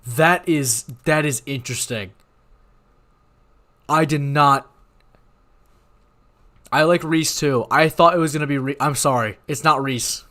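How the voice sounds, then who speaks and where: A young man hosting a live watch party, talking in a rambling, excitable way and often apologizing. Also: on the high side. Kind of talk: live-stream reaction chat.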